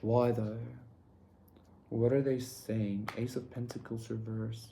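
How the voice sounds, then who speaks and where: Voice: mid-range voice, little pitch movement, slow pace, noisy background. A tarot reader giving a casual pick-a-card reading, rambling with lots of "like" and tagging lines with "okay?", swearing freely.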